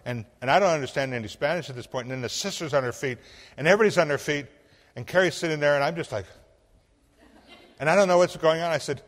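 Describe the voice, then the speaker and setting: A man from Illinois, a pastor telling a story in a sermon, acting out the voices and swinging from hushed to loud. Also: on the high side, fast, big-room sound.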